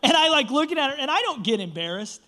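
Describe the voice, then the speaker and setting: A man's voice: very high-pitched, quick pace. Young guy preaching, jokes on himself, voice jumps all over. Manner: animated, self-mocking storyteller. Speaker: pastor. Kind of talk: sermon with humorous storytelling.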